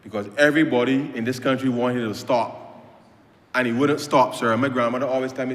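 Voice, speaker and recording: A man's voice: medium pitch, steady tone, fairly quick. A Barbadian man giving an impassioned parliamentary speech, repeating phrases and addressing the Speaker as sir. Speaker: member of parliament. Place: parliament chamber. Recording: roomy chamber with long reverb.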